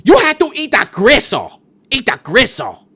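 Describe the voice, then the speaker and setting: A man voicing a pushy female restaurant server who shouts and repeats herself insistently. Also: high-pitched, fast talker, voice pushed up. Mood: pushy, shouting.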